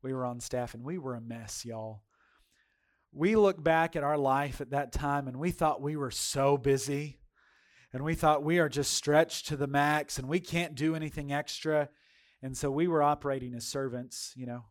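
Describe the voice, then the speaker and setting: A male pastor preaches in an animated, folksy storytelling style and talks straight to his congregation. His voice sits fairly high for a man. He swings from loud emphasis to hushed asides. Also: moderate pace. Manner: folksy, addresses congregation directly. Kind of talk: sermon.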